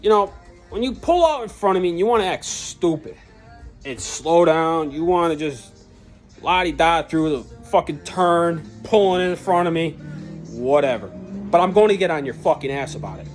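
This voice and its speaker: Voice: lively intonation, moderate pace, soft background music. Sweary fired-up rant vlogger. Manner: heated, sweary, blunt; jumps from shouty peaks to low grumbling. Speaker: truck channel vlogger. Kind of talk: angry profane rant to camera.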